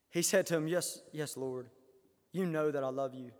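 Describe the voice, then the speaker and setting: High-voiced preacher in a reverberant hall. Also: male voice, fairly quick. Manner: swells loud on quoted scripture, drops low on comments. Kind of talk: sermon.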